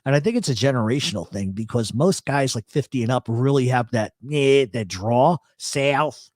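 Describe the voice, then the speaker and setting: Talking fast in a medium-pitched, darkish voice, this Rhode Island-born radio show host tells profane, meandering stories on his live program. Years have given him a South Philly accent, and there's no room sound.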